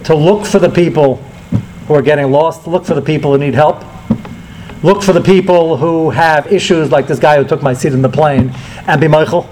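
A man's voice: on the high side, fairly quick, background noise. A man who is a rabbi, telling a story in a conversational sermon to a live audience, dropping in Hebrew terms.

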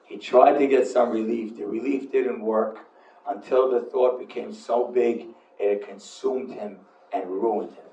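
A man, a rabbi, giving a sermon to an audience, telling a story in an animated way and building to emphatic repeated lines. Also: mid-range voice, echoey room, far from the mic, muffled recording, a little hiss or hum. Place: hall with audience.

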